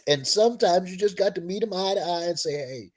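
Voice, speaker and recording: A man's voice: sits high, fast talker, a little mellow. A man co-hosting a call-in radio talk show, preaching in lists that build with rising force. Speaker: radio co-host.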